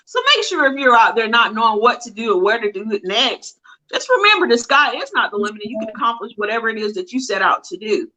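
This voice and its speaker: A woman's voice: on the high side, animated, fast talker, pushed and bright, rough recording. A woman hosting a live online interview, reading out viewer comments in an upbeat way. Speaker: host.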